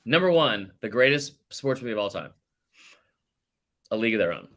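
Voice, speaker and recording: Man, podcast host, casual sports chat, very lively pitch, swears a lot. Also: fairly quick. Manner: animated, ranting, swears freely.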